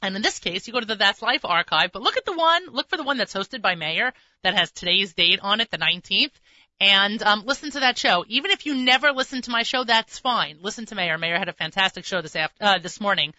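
A woman's voice: medium pitch, lively intonation, fairly quick, bright, forceful tone, no echo, dull audio. A woman hosting a radio show in casual chat from the studio, talking freely, tripping over her words and joking at herself. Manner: chatty, trips over words, self-mocking. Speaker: radio host.

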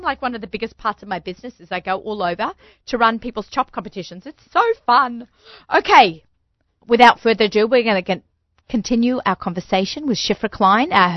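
A woman hosting a podcast, chatty and excitable, often repeating her words as she goes. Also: medium pitch, no room sound, lo-fi sound. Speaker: podcast host. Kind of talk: casual interview chat.

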